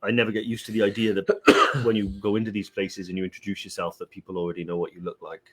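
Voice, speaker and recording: A man in his forties with a somewhat low voice, co-hosting a live stream. He banters in a relaxed way and reads viewers' comments aloud as he chats. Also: quick pace, breathy edge. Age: 40s. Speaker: podcast co-host. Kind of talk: casual live-stream chat.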